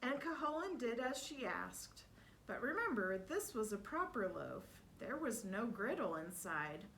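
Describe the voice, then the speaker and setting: A woman reading a children's picture book aloud in an expressive, animated way. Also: fairly high pitch, measured pace, slight background noise, poor audio. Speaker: storyteller. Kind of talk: children's story read-aloud.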